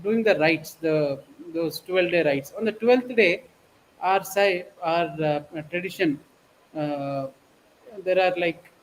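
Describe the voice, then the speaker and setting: Soft-spoken middle-aged man, faint background hiss. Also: high voice, takes it slowly, low-quality recording. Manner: soft-spoken, hesitant, with many fillers.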